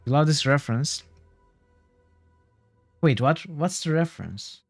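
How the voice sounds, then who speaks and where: A man's voice: on the high side, expressive, a little slow, creaky, dry recording, faint music behind. A man casually commenting while streaming a role-playing game, chatty and a little hesitant, reading game text aloud.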